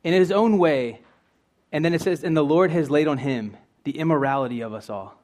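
A man's voice: on the high side, brisk, a little mellow. A young man preaching a sermon in an earnest, conversational way, asking his listeners questions.

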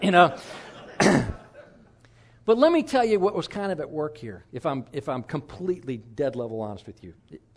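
A middle-aged man preaching a sermon as pastor, telling stories in a candid, self-deprecating, conversational way. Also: medium pitch.

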